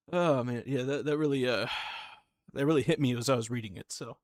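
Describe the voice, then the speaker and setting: A man streaming live, reacting to a video in a relaxed, chuckling way and thanking viewers as he goes. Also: medium pitch, no echo, studio quality. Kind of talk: casual live-stream chat.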